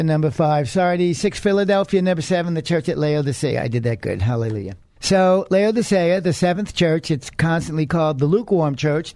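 Male radio Bible teacher, slightly high voice, earnest and chatty, dry close sound. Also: dark tone, no room sound. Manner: earnest, conversational, with fillers.

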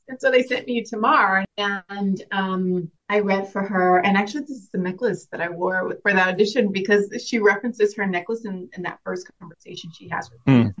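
A young woman speaks at a medium pitch in a relaxed interview. She is reflective and earnest, and she often starts a sentence over or laughs between thoughts. The recording has a slightly dull, lo-fi sound. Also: a little fast, hardly any pauses. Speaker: actress guest. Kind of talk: casual interview.

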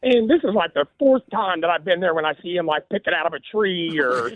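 A man calling into a radio show to report, talking excitedly and casually in slang. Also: sits high, brisk, dry recording. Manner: excited, slangy, says bro and like. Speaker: caller reporting on air. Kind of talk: casual phone-in chat. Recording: tinny phone line.

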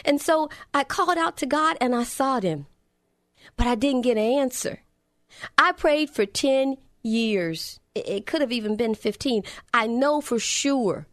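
A woman's voice: on the high side, dry recording, clean studio sound. A middle-aged woman preaching a sermon, telling a personal story in a fervent, heartfelt way.

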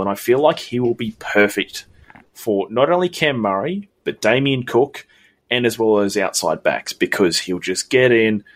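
A man, co-hosting a sports podcast, steadily leading the segments and the news. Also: fairly low pitch. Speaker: podcast co-host. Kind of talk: casual sports chat.

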